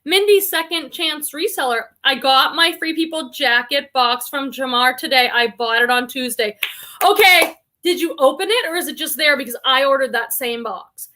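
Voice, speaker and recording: A middle-aged woman with a slight Boston accent runs a casual reselling livestream, her high voice pushed and bright at a normal speed. She greets viewers by name and reads out their comments.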